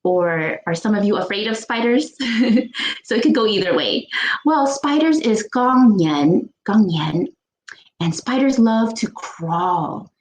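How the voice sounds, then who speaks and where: Slow, animated woman leading storytime. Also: mid-range voice, reverberant, poor audio. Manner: slow, animated and playful, with gasps and animal sounds. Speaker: children's librarian. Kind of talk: bilingual storytime for children.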